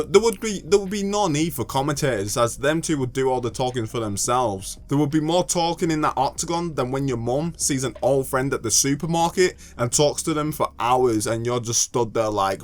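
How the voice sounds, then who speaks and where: A young British man making a casual gaming commentary video, joking and ranting and stumbling over hard names. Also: mid-range voice.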